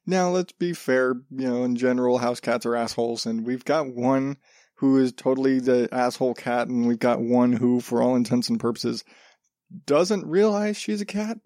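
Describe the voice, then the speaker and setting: A man's voice: medium pitch, moderate pace, a little mellow, dry recording, studio quality. A man hosting a casual solo podcast, rambling with lots of restarts and swearing freely. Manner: rambling, profane, self-interrupting. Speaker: podcast host.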